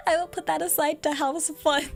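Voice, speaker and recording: A woman's voice: extremely high pitch, fairly bright tone. A woman VTuber streamer chatting casually with her viewers, giggling often and thinking aloud with lots of fillers. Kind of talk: casual livestream chat, reading donations.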